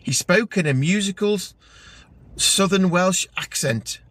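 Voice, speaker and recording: A man reads a comic ghost story aloud with a dry storytelling touch. His voice sits a bit high for a man. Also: animated, measured pace, fairly bright tone. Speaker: narrator.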